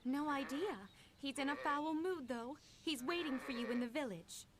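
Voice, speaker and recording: Woman playing a young village woman, high voice, blunt, matter-of-fact, video game dialogue. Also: normal speed, lightly acted. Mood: concerned.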